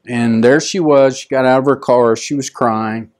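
Storytelling pastor. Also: male voice, steady tone, normal speed. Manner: conversational, acts out quoted voices with rising pitch. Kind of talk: storytelling sermon.

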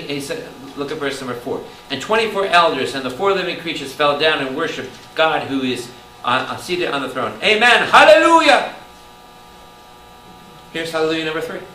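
Male priest, Bible study teacher, animated, keeps questioning listeners, roomy echo, distant mic, noisy background. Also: medium pitch. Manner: animated, quizzes the audience with constant questions, bursts into loud exclamations. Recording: echoey room, distant mic, audible background noise.

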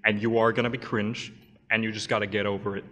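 A man with a somewhat low voice offers wry, easygoing advice to a panel audience. His words ring with the long reverb of a large hall. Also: level tone, quick pace, a bit bright. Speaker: panelist, YouTube animator. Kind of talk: casual panel chat, giving advice. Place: convention panel room.

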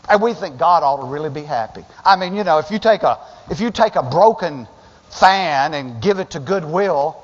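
A male pastor preaching a sermon with passion, stumbling over restarts and acting out the voices of people in the story. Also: on the high side. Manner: impassioned, acts out quoted voices, stammering restarts. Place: church sanctuary. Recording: dull sound in a long-reverb sanctuary.

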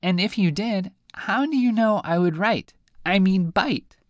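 A man voicing a chatty, polite silverfish in a storybook reading, speaking high and genteel. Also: unhurried, no echo, studio quality.

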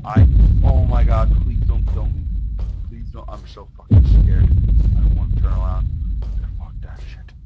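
A young man doing let's-play commentary on a horror game, excitable and swearing a lot, yelping and shrieking when scared. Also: on the low side, unhurried. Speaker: gaming YouTuber. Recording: dull lo-fi recording with loud game music.

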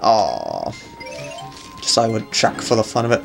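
A man's voice: mid-range voice, monotone, fast, over music. A man giving casual gameplay commentary, chatty and laughing often. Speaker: let's play commentator.

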